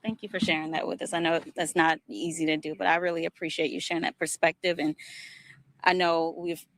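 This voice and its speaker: Sympathetic woman field reporter, low voice. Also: fairly quick. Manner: sympathetic, steady, descriptive. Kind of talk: live news report. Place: outdoors at a storm-wrecked site.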